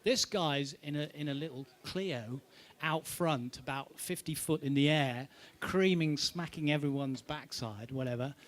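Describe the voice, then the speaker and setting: A man's voice: fairly high pitch, unhurried, few pauses. A man with an English accent telling boisterous, swearing rally stories on a panel. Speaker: rally driver panel guest. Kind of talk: lively anecdotal panel talk.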